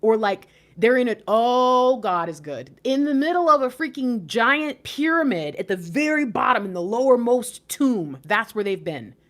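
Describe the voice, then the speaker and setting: A woman's voice: a little high, animated, moderate pace, hardly any pauses, a bit bright. A woman giving an intuitive spiritual reading to camera in a casual, emotional way, exclaiming often and swearing offhandedly. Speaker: intuitive tarot reader.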